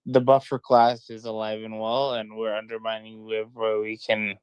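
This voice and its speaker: A male caller with a smooth, resonant voice heard dry and close up. He talks in a sarcastic, mock-cheerful way, as if he is trolling the host. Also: lowish voice, completely flat delivery, normal speed, a little mellow, no echo, muffled recording. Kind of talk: casual call-in chat.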